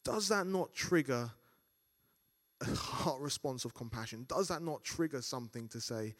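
Male preacher giving a sermon, animated delivery, acts out inner thoughts. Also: mid-range voice, fairly quick.

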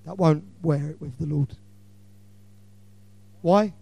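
A middle-aged man delivers an impassioned sermon in a mellow, warm voice that sits a little high. He swings between loud declarations and hushed asides. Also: takes it slowly, gravelly, husky. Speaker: preacher. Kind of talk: evangelistic sermon.

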